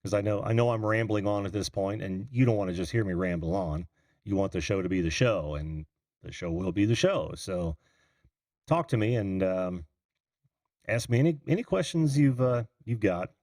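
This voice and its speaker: Speaking through a computer microphone on a video call, this middle-aged call-in show host has a deep voice with a darkish tone. He rambles casually while responding to viewers' chat messages, and the audio is clean and studio-like with no room sound.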